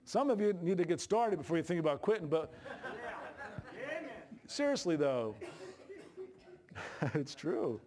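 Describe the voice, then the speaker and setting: A middle-aged man preaching a sermon with a voice set a bit higher than most men's. He talks in a folksy, emphatic way and jumps up in pitch when he gets fired up. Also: lively intonation, moderate pace, pauses often, dark tone.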